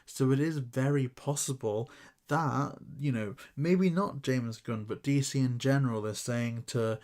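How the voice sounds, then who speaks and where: A man's voice: mid-range voice, measured pace, a little mellow. Man hosting casual commentary. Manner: thinking aloud, hedging, restarts. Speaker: YouTube commentary host. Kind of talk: casual commentary, reading news aloud.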